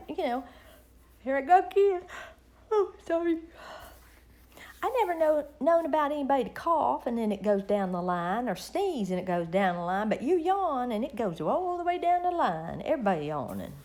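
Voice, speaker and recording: A middle-aged woman talks with her viewers in a rambling, folksy way. Her voice sits a little on the high side. She drifts from one small story to the next as she hosts her live stream. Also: a little mellow. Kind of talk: casual chat with viewers.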